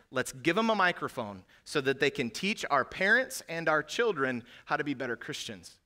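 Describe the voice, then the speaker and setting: A man preaching a sermon in a church, swinging between quiet, low stretches and loud, impassioned emphasis. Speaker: pastor. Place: church sanctuary.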